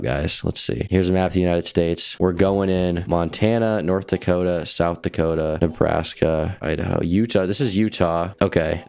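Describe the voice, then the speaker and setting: A man from Maine hosting a reaction video, rambling and self-mocking, swearing casually as he comments. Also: deep voice.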